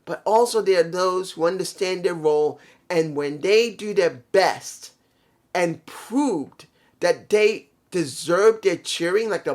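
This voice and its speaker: Blunt ranting man with a worn voice. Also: high-pitched. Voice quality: worn voice, says it is messed up. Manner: blunt, ranting, swears freely. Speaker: show reviewer. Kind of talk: casual opinionated review monologue.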